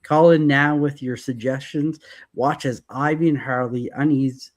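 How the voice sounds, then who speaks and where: A man's voice: mid-range voice, steady tone, a little slow. Jokey man reading comic blurbs. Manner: jokey, reads out blurbs with asides. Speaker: podcast host. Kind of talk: casual comics review chat.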